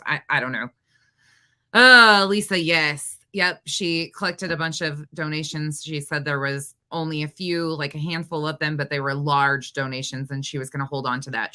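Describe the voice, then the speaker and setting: A woman's voice: sits low, sharp tone. A woman giving skeptical commentary, questioning what she reports.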